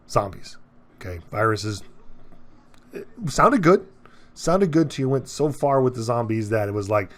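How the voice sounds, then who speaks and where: A man talking casually to camera, rambling and repeating himself, often asking "okay?" and getting animated, with his pitch jumping up as he gets worked up. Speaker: vlogger. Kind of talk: casual opinion monologue to camera.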